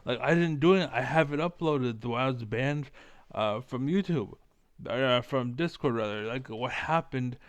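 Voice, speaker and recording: Man, rambling profane rant, crisp smooth voice, dry close sound. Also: moderate pace, no echo. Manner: profane, rambling, loses train of thought; mocking squeaky impressions of chatters. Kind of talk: rambling political monologue.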